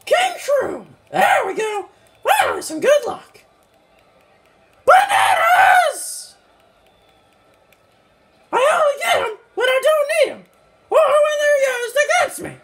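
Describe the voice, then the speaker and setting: A man voicing a hyper, boastful little male mushroom kart racer with a squeaky voice and a slight southern twang, excitable and yelping at every mishap during game commentary. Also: creaky, a little hiss or hum, heavily acted. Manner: excitable, yelps and complains at mishaps. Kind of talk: let's-play game commentary in character.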